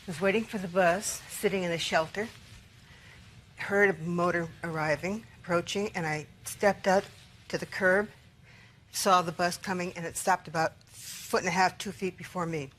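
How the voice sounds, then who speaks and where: A woman's voice: on the low side, steady tone, normal speed, a bit bright, a little hiss or hum. A woman telling her side of the story step by step as a plaintiff in a small-claims court. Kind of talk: courtroom testimony.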